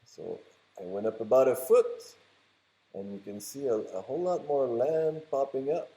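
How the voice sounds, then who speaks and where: A man's voice: mid-range voice, moderate pace, warm tone. A man with a French Canadian accent, narrating a casual video while filming on a beach, chatty and rambling with teasing asides. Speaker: vlogger. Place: outdoors on a beach by the water. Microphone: handheld camera mic.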